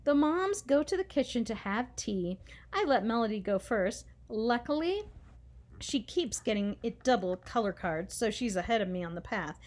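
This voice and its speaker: A woman reading a children's chapter book aloud, animated and switching voices for each character. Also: a little high, moderate pace. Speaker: storybook reader.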